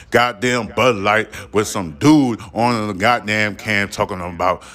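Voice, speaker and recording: Man, podcast host, angry profane rant, defiant and preachy, tense bright tone. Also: on the low side. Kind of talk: ranting solo podcast monologue.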